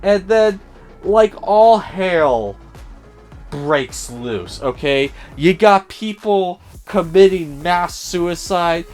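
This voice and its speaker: A man's voice: sits high, expressive, extremely slow, a little mellow, soft background music. A man giving a casual spoiler review of a film, sarcastic and profane, often mimicking the characters in a raised voice.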